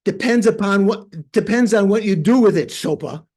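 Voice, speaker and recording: An older man quoting a stern older male lama teacher, speaking firmly and a little louder. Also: high voice, lively intonation, moderate pace, voice pushed up. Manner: stern, firm.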